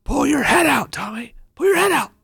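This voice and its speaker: A man's voice: extremely high pitch, very animated, fairly quick, gravelly, voice pushed up, exaggerated voice. A man voicing an angry youth baseball coach who scolds a child player. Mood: scolding. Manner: shouting, scolding.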